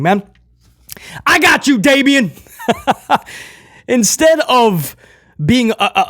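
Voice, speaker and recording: A man reviewing a wrestling show in casual commentary, animated, laughing often and addressing viewers directly. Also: fairly high pitch, no echo, clean studio sound.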